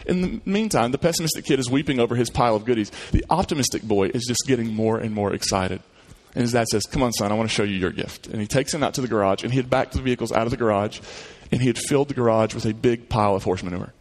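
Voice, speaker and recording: A man's voice: mid-range voice, quick pace, hardly any pauses. A male pastor praying and then preaching, telling a story in a conversational way with frequent restarts. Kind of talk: sermon and prayer.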